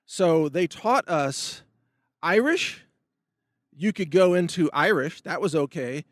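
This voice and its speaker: A man's voice: fairly high pitch, measured pace, dry recording, studio quality. A middle-aged man hosting his own show, giving an emphatic opinion monologue that rambles with restarts and asides. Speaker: host of a video commentary show.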